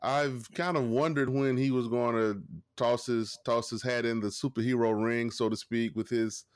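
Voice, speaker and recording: A man's voice: mid-range voice, steady tone, normal speed, clean tone, no echo, clean studio sound. A man with a Southern accent from Georgia, co-hosting a podcast in easygoing casual chat. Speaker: podcast co-host.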